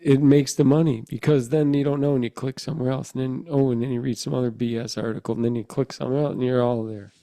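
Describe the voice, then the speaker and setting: A man's voice: medium pitch, steady tone, fast, creaky, few pauses, dark tone, no room sound. A man co-hosting a podcast in casual chat, joking and agreeable, with frequent short affirmations. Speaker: podcast co-host.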